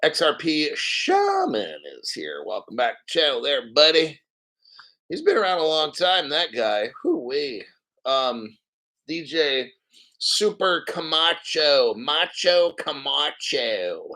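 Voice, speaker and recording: A man hosting a crypto livestream in a blunt, profane rant, reading out viewer comments between jabs. His voice sits a little high for a man and rings bright and forceful. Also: huge pitch swings, unhurried, poor audio. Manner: mocks others in exaggerated put-on voices. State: a little out of breath.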